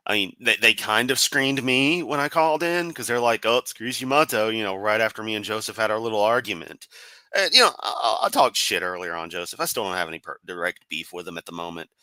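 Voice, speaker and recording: A man's voice: lowish voice, pushed and bright, no echo. A man giving sarcastic, profane, rambling commentary on a live stream.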